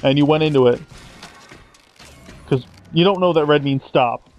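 A man's voice: a little high, moderate pace, darkish tone, lo-fi sound. A man commentating over his own video game playthrough, sarcastic and mock-dramatic, swearing casually. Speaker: gameplay commentator. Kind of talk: sarcastic let's-play commentary.

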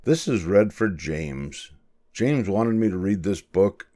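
An older grandfather reads a children's picture book aloud. His voice is low and mellow, and his pitch moves a great deal as he tells the tale. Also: slow pace. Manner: warmly expressive, lively storytelling. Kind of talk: children's storybook read-aloud.

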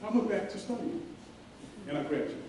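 Middle-aged male commencement speaker, dark voice, earnest and pausing, heard from afar in a very echoey hall. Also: sits high, expressive. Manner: earnest storytelling, with many pauses and fillers. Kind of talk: graduation speech. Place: large hall. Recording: very echoey hall, voice from far off, faint hiss.

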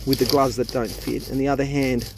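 A man's voice: medium pitch, level tone, fairly quick, background noise. A man with an Australian accent filming his plumbing job on a handheld phone, chatting and joking casually to viewers outdoors. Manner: chatty and jokey, swears casually. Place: outdoors at a drain.

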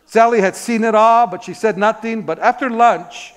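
A man's voice: sits high, normal speed. A man preaching a sermon as pastor, telling stories, asking rhetorical questions and calling out amen. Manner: repeats words when searching for them.

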